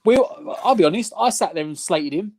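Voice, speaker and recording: A man on a video call with other fans, opinionated and quick to jump in while watching a match. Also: high voice, dry recording. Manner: animated, opinionated, quick to interject. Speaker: fan on a watch-along stream. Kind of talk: excited match watch-along chat.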